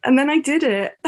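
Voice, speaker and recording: A young woman hosting a podcast, chatting casually with frequent laughs and hesitant fillers. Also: high voice. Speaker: podcast host. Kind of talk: casual chat.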